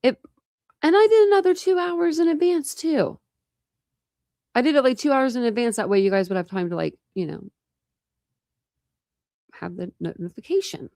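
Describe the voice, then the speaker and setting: Gravelly-voiced woman chatting on a livestream. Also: high-pitched, lively intonation, normal speed, pauses often, mellow, no echo, clean studio sound. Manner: rambling, talks straight to live chat. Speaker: true crime channel host. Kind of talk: casual livestream chat.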